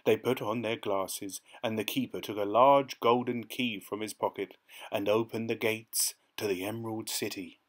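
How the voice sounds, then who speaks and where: A man reading a children's story aloud with expressive storytelling. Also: lowish voice, normal speed. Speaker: storybook reader.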